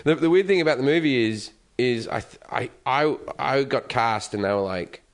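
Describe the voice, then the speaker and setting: A man's voice: medium pitch, moderate pace. A man in his thirties with an Australian accent, a guest comedian telling profane stories in a casual podcast chat. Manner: profane, animated storytelling.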